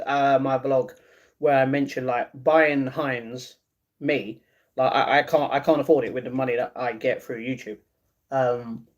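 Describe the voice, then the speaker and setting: A man in his twenties casually chatting on a live stream, reading viewers' comments aloud and restarting his sentences often. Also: mid-range voice. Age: 20s. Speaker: livestreaming vlogger.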